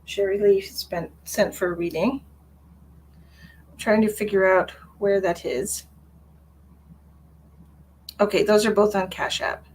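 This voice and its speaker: A woman's voice: medium pitch, a little slow, pauses often, darkish tone, husky. A woman hosting a live psychic reading stream, chatting casually with viewers and calling them by pet names.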